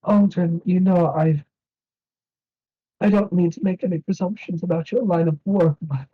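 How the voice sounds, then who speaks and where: A man's voice: on the high side, slightly rough, lo-fi sound, voice pushed up. A man voicing a wrinkled old male elven priest who is kind and worried, speaking earnestly. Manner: earnest, pleading, blessing-giving.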